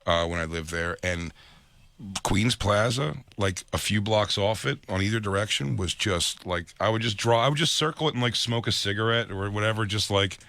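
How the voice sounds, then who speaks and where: Low, bright-voiced man in loose chat. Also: normal speed. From New Jersey. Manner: laid-back, filler-heavy, lots of "like". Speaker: co-host. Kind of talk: casual comedic chat.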